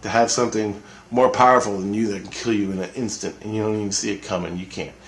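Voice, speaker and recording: A man's voice: fairly low pitch, steady tone, quick pace, fairly bright tone, a little hiss or hum. Intense, swearing man in an echoey room. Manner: profane, intense, repetitive storytelling. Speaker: storyteller recounting an experience. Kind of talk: casual spoken monologue.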